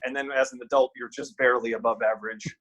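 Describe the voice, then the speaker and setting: A middle-aged man speaking as a podcast guest in an easy, conversational way. He hammers home his points by repeating them and mixes in self-mocking jokes, with a voice of ordinary, mid-range pitch. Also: fairly even intonation, fast talker, creaky, a bit bright, poor audio. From Wisconsin. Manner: emphatic, repeats key phrases, self-deprecating humor. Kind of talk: casual podcast interview.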